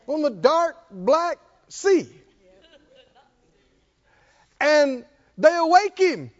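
A man's voice: very high voice, slow, lo-fi sound, some chatter behind. A man preaching a sermon, asking the congregation questions and chuckling often. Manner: animated call-and-response preaching, chuckling often. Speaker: pastor.

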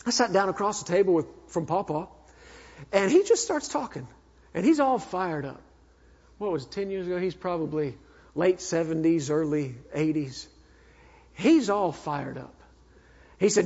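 A man preaching a sermon as a minister, telling a personal story in an earnest way that swings between fervent and hushed. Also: high voice, expressive, moderate pace, long pauses, slightly rough. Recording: echoey hall, dull sound.

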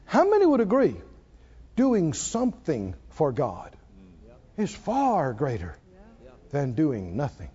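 A man's voice: fairly high pitch, slow, pauses often, muffled recording. An older male pastor preaching a sermon, telling stories with frequent laughs and calling on the congregation to answer back. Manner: animated storytelling, laughing often, calling for congregation responses.

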